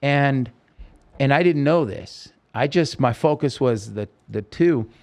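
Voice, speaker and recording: A man's voice: medium pitch, lively intonation, slow, a little mellow. A man with a mid-range voice recounts a personal story as a podcast guest. He tells it vividly and with intensity, and he acts out the lines of the people in the story. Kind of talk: personal story told in an interview.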